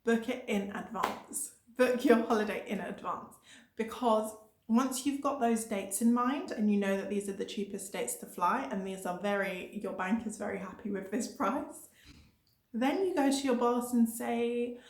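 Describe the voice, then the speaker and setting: A woman's voice: a little high, normal speed. A young woman vlogger giving emphatic, motivational budget travel tips, repeating her points for stress. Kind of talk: energetic budget travel advice. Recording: echoey room.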